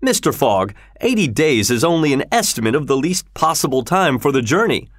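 Cautious Victorian clubman, high incredulous exclamations, male narrator. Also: very animated, brisk, no echo, studio quality. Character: startled, cautious Victorian gentleman.

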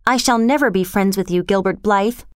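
A woman's voice: medium pitch, moderate pace, smooth, no room sound, clean studio sound, lightly acted. Woman reading a proud, stubborn young girl. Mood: cold, proud. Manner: cold, firm and formal.

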